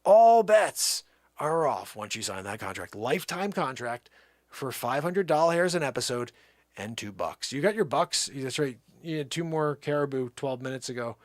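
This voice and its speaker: A man hosting a comedic live show, bantering and joking in an animated, over-the-top way, pleading and rambling on a pretend call. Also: mid-range voice, moderate pace, dry recording, studio quality. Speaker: livestream host.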